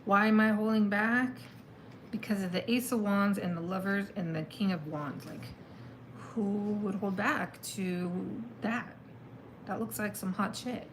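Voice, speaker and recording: A woman reads tarot cards in a loose, chatty way, mulling things over out loud. Her voice sits in an average middle pitch. A faint hum of room ambience stays in the background. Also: moderate pace, rough recording. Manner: chatty, thinks aloud, exclaims at the cards. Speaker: tarot reader. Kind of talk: casual live tarot reading.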